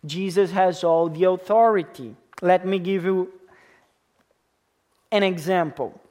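Slow and deliberate, a high-pitched, slightly mellow pastor in his thirties gives a sermon with the foreign accent of a second-language English speaker. Key words get leaned on and repeated, and he checks in with the congregation throughout.

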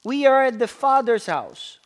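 A man preaching a sermon as pastor, slow and emphatic, asking the congregation questions and dropping to a soft hush on key phrases. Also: very high-pitched, very animated.

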